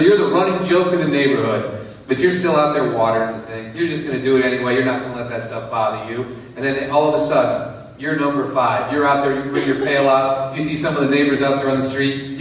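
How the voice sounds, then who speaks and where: A man giving an earnest, repetitive inspirational story at a business seminar, addressing listeners as you. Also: on the high side. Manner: earnest, repeats phrases, talks to listeners as "you". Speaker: motivational speaker. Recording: echoey hall from far off.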